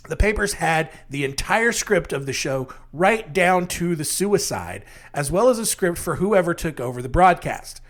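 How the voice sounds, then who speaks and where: Chatty man host, slightly high voice. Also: a bit bright. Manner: conversational, many "uh" fillers, wry asides. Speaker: podcast host. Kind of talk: casual storytelling podcast.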